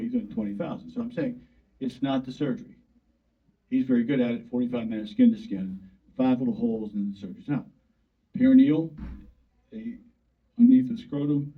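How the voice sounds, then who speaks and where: A man's voice: medium pitch, fairly even intonation, fast talker, long pauses, distant mic. An older man speaks in a blunt, folksy, plain-spoken way as a doctor addressing a club audience. His voice is thin and tinny, as if heard over a phone line. He stands some way back from the microphone. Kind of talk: informal talk to an audience. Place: meeting room.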